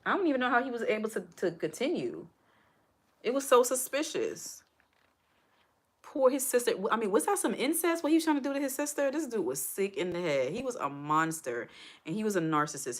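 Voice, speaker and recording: A woman hosting a casual livestream, chatting to her viewers in an emotional, talkative way and close to tears. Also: on the low side. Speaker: livestream host.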